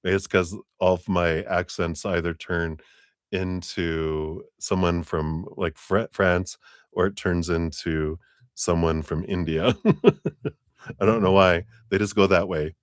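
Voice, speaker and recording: A man with a deep, low-set voice gives a live tarot reading in unhurried, drawn-out phrases. He rambles casually, leaning on "you know" fillers and soft chuckles. The sound is dry and close, with no room around it. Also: steady tone, smooth, dry recording. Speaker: tarot reader hosting a live stream.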